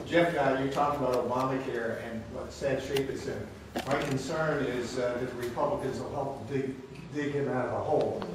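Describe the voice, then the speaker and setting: A man with an average-pitched voice asks an earnest question from the audience and pauses on fillers. He sounds far from the mic. The hall is very echoey, with clear noise behind him. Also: steady tone. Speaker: audience member asking a question.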